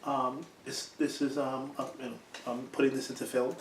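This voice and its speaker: A man's voice: mid-range voice, flat delivery, moderate pace, recorded from a distance. A man chats casually and teases with short, dry lines. He sits away from the microphone in an echoey room. A faint hiss stays underneath. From New York. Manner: brief reactions, dry teasing. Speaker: podcast co-host. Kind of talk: casual chat.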